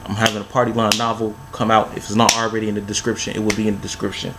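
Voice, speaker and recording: A man's voice: on the low side, flat delivery, very fast, very noisy. A man in his thirties telling a long personal story to camera in a laid-back, repetitive way with street slang. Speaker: vlogger. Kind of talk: casual storytelling monologue.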